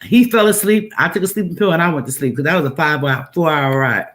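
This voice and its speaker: A woman's voice: sits low, fast. A woman host tells stories in casual, emphatic chat and repeats phrases for effect.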